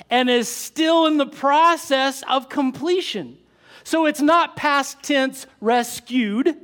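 A male pastor preaching a sermon to his church, mixing casual asides with rising, excited emphasis. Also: very high voice.

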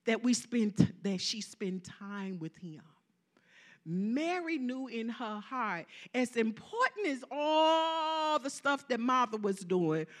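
A woman with a fairly high voice preaches a sermon, calling out to the congregation and repeating lines for emphasis. Her volume swings between loud and soft.

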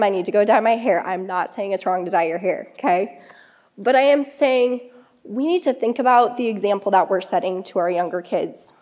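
Woman, young adult, camp devotional speaker, earnest, conversational, slightly high voice. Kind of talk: devotional talk to camp counselors.

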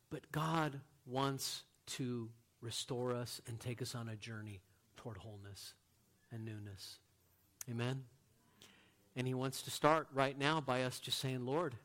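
A man preaching a sermon as a pastor, earnest, moving from loud emphatic lines to quiet, hushed ones. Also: medium pitch.

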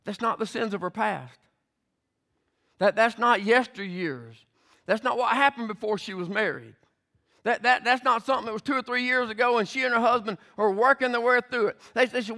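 A man preaching with fervor, his voice pitched high and edged with gravel. He presses each point through repeated words and retells scripture scenes with vivid detail, climbing toward near-shouting at the peaks. The tone stays bright and forceful throughout. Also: expressive, moderate pace. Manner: emphatic, repeats words as he builds. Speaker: pastor. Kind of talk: preaching a sermon.

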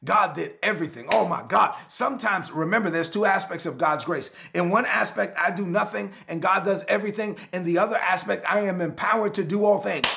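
A man preaching an online sermon, addressing listeners directly and building his points through lively repetition and calls for responses. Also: high-pitched, fairly quick, creaky, hardly any pauses. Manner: speaks directly to congregation, asks for responses.

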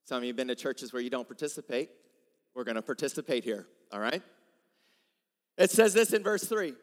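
A man preaching a sermon as pastor, telling a story with animated acted-out voices, swinging from loud to hushed. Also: sits high, long reverb tail, poor audio. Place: church sanctuary.

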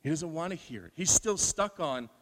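A man preaching a sermon, animated and asking rhetorical questions, acting out the voices he quotes. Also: on the high side, moderate pace, in a large hall.

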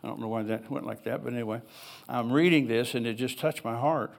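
Brisk and creaky, this older man's medium-pitched voice carries a church sermon. The pastor reads passages of scripture, then wanders into relaxed, conversational personal asides.

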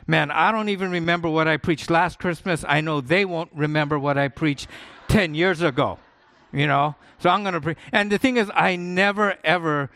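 Man, pastor, sermon, conversational, earnest, repeats for emphasis, slightly higher voice. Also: moderate pace, fairly bright tone.

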